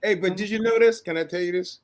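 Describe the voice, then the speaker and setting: A woman from East Baltimore with a Baltimore accent, speaking forcefully and preachily on a talk panel. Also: medium pitch, fast. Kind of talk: casual talk show discussion.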